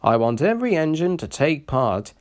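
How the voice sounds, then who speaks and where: A man voicing a stern, dignified male railway controller in a storybook reading, speaking gravely. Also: a little high, very animated, darkish tone, pitched above the performer's own voice. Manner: grave, measured.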